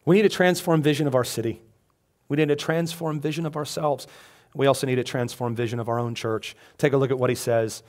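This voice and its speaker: A man's voice: medium pitch, fairly even intonation, fairly quick, darkish tone. A male pastor giving a sermon, reading scripture aloud and joking with the congregation between readings. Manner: conversational, joking asides to the congregation.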